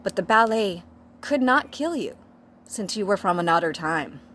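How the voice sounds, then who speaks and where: A woman voicing Sirius as an overexcited teenage boy, shrill and overdramatic in a comedic reading. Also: expressive, normal speed, fairly bright tone, a little hiss or hum, natural voice. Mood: shrill alarm.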